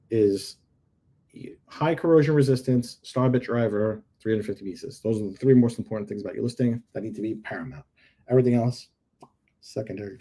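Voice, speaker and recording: The host of this live show picks apart product listings on his screen in a relaxed, chatty way, with jokes and emphatic repetition. He has a fairly low, mellow voice with a slight roughness.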